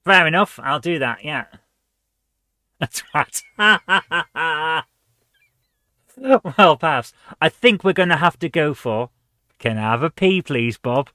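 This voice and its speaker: A man's voice: a little high, animated, slow, long pauses, pushed and bright, no echo, clean studio sound. A man hosting a retro gaming channel, reading quiz questions aloud and chatting casually as he guesses the answers. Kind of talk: casual let's-play commentary.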